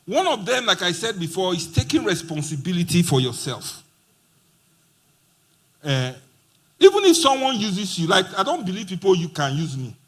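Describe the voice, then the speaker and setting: Animated man giving a motivational talk. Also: high voice, normal speed, breathy edge. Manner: animated, playful, acts out quoted dialogue. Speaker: conference speaker. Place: conference hall.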